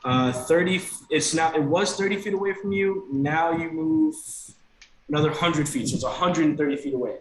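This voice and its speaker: Echoey game master narrating the action. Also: male voice, on the high side, normal speed, a little hiss or hum. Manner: walks through actions step by step.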